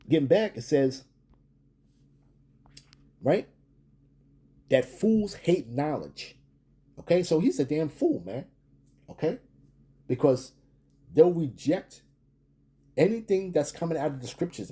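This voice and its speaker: A man's voice: mid-range voice, dark tone, breathy edge. A man preaching and commenting on scripture, repeating himself and ending lines with "man" and rising "okay?". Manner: halting restarts, emphatic rising tags. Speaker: street preacher.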